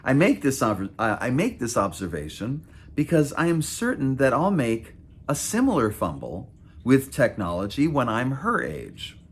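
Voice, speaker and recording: A man's voice: medium pitch, wildly swooping pitch, normal speed, breathy edge. A man in his fifties reading his own memoir aloud, with wry, self-mocking asides. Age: 50s. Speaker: author.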